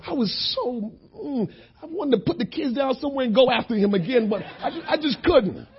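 A man preaching a sermon who tells a story, going from quiet talk to shouting. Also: very high voice, lively intonation, fast talker, vocal fry, highs cut off.

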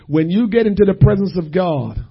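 A man preaching a sermon, dropping to a hush and then rising to shouts, repeating phrases for weight. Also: high-pitched, a little fast, breathy edge, lo-fi sound. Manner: swings between hushed and shouting, repeats phrases.

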